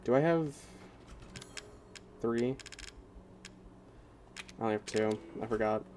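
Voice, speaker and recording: A man's voice: fairly low pitch, slow, a little mellow, slight background noise. A young man streaming a video game, chatting casually with crude, joking banter and lots of swearing. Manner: self-mocking, giggly banter. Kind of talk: casual gaming commentary.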